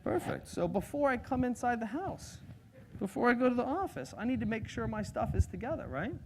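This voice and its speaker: Male sales trainer, high-pitched and lively, working a seminar crowd. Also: a little fast, gravelly, a little hiss or hum. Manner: energetic, audience-engaging, acts out personality types. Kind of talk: live seminar talk. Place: seminar room with audience.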